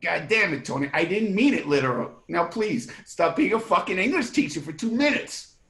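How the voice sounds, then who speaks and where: A blunt, stammering New Jersey brother. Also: male voice, high voice, animated, moderate pace, gravelly, a bit bright, exaggerated voice. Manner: blunt, stammering, working-class. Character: rough, blunt grieving younger brother, middle-aged. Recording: roomy echo.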